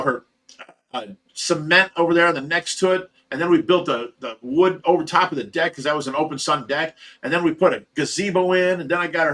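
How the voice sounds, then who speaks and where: Bright-voiced man telling stories. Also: fairly high pitch. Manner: animated, laughs while telling stories. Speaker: fish rescue livestream host. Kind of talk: casual storytelling to a live chat.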